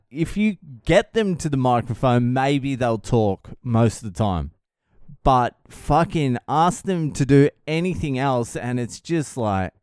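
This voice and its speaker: A man's voice: mid-range voice, darkish tone, dry recording, studio quality. An Australian man hosting a podcast, delivering a profane, exasperated solo rant. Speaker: podcast host.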